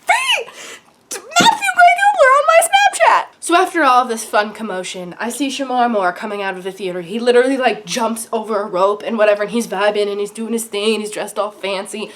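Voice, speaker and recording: A young woman vlogging at home, telling a fan-meeting story with hyperactive, gushing excitement. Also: medium pitch, quick pace, few pauses.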